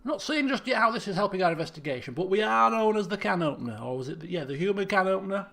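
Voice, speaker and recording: A man commentates casually on a video game, cracking jokes and tripping over his own restarts. His voice sits a little high with a gravelly fry running through it. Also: animated, very fast, fairly bright tone. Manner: rambling and jokey, with stammered restarts. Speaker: let's play commentator.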